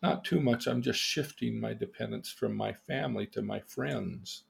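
A therapist and teacher with a lowish, slightly rough voice and vocal fry talks at a normal speed. His animated lesson on emotional independence is built from theatrical stories, with exclamations followed by questions aimed at his listener.

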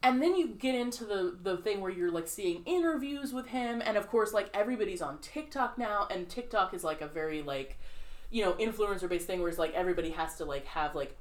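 A woman co-hosting a podcast, chatting casually with a middle-pitched voice. She rambles, fills gaps with "like" and "um," and acts out the voices of the people she quotes. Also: a little fast. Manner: rambling, filler-heavy, animated quoting. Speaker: podcast co-host. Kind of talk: casual chat.

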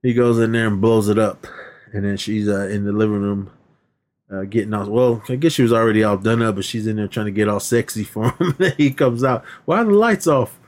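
A man's voice: lowish voice, fairly even intonation, brisk, a little mellow. A man co-hosting a podcast, retelling a movie plot in a rambling, casual way with many restarts. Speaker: podcast co-host. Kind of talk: casual chat.

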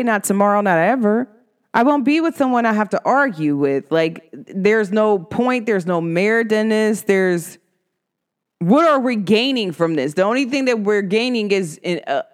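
A woman talking casually to the camera, blunt and emphatic, often acting out the voices of people she quotes. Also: a little high. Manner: blunt and outspoken. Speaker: vlogger.

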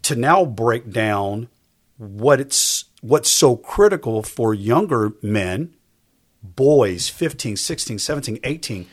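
A husky-voiced man in his fifties, speaking as a guest in a faith-based conversation. He talks emphatically, with a preacher's cadence, and circles back to repeat his key lines. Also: mid-range voice, expressive, slow. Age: 50s. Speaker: guest on a faith talk show.

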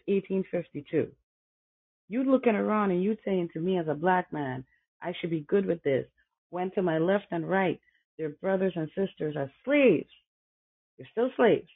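Raspy woman host with fiery commentary. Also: lowish voice, no echo. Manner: fiery, preachy, talks straight to listeners. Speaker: podcast host. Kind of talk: passionate commentary on a historic speech. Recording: tinny phone-like dry recording.

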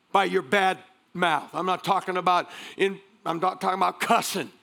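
Man, pastor preaching, high voice, bright tone, energetic, call-and-response with the crowd. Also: vocal fry. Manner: joking asides, repeats words. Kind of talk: sermon.

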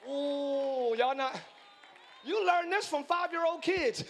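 A pastor preaching a live sermon to his congregation, excitable and playful, swinging from quiet asides to shouting and teasing the crowd. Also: extremely high pitch, takes it slowly. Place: large church hall.

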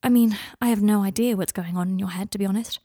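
A woman voicing a steady, protective young man who speaks calmly and gently. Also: medium pitch, fast talker, slightly rough, dry recording, studio quality, lightly acted.

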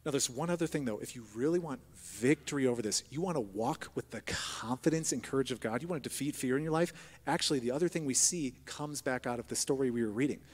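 A man preaching a sermon as pastor, moving between hushed prayer and loud, emphatic exhortation. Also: mid-range voice, fast. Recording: long hall reverb.

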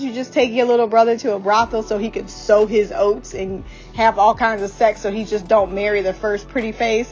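A woman's voice: on the high side, steady tone, normal speed, hardly any pauses, darkish tone, muffled recording, soft background music. A woman giving a casual, blunt and profane TV recap. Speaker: podcast host recapping a TV series.

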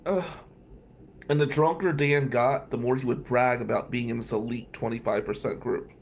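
A man with a mid-range voice recounts a personal story in a loose, conversational way. He wanders into wry asides and drops the odd curse word as he goes. A faint background noise sits under his voice. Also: mid-range voice. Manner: digressive, profane, wry asides. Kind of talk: casual storytelling monologue.

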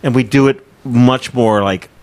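A man's voice: mid-range voice, unhurried, darkish tone. A man hosting a podcast in casual chat, rambling and full of fillers as he goes through listener mail. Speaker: podcast host.

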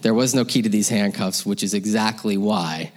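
A man telling a personal story live on stage, lively and laughing, acting out the voices of his parents. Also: on the low side, moderate pace. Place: hall with audience. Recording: long hall reverb.

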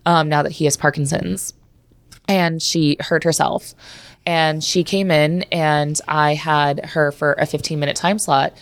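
A woman's voice: low-pitched, creaky, dry recording. A woman chiropractor talking casually and frankly, telling stories and acting out her own conversations with patients. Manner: candid, frank storytelling that acts out her own quoted exchanges. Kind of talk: casual interview talk.

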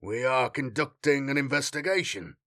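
A man's voice: mid-range voice, moderate pace, pushed and bright, no echo, clean studio sound, lightly acted. A man voicing a proud warrior sergeant who speaks firmly and with control.

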